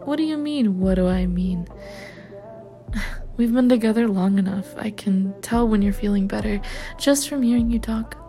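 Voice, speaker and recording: A gentle, reassuring young woman in an audio role-play, voiced by a woman, comforting her partner. She talks slowly and unhurriedly in a mellow, soft voice, with a bit of playful teasing now and then. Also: mid-range voice, expressive, faint music behind, lightly acted.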